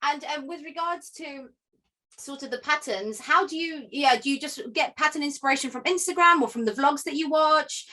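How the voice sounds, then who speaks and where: A woman's voice: high voice, moderate pace, sharp tone. A woman interviewing a guest in a casual chat, asking friendly, encouraging questions with plenty of fillers.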